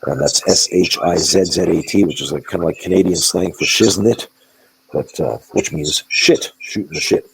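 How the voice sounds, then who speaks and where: A man's voice: deep voice, moderate pace, creaky, slightly rough, rough recording. A man telling blunt, profane, emphatic stories as a guest in a wrestling interview, often restarting his words. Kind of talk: candid interview storytelling.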